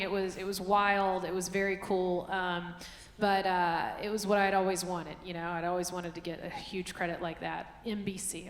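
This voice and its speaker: A woman's voice: mid-range voice, slight background noise. Woman, late 30s, stand-up comedian, self-mocking, live theater stage, roomy reverb. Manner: chatty, self-mocking, punchy asides. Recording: echoey theater hall, faint crowd. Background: audience ambience.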